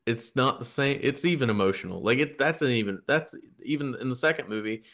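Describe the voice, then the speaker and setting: A man's voice: medium pitch, fairly quick, fairly bright tone. A man co-hosting a podcast, talking about movies in a rambling, enthusiastic way, with frequent restarts. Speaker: podcast co-host. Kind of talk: casual film discussion.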